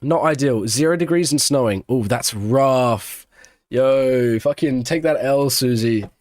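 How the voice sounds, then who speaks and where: A man's voice: mid-range voice, measured pace, a little mellow, dry recording, clean studio sound. A young man streaming live race commentary, chatting with viewers between calls. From Australia. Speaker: streamer doing live watch-along commentary.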